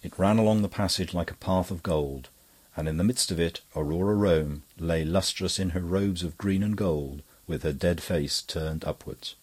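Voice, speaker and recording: A male audiobook narrator with a deep voice and a husky edge. He reads in a measured, even way. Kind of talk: scripted narration.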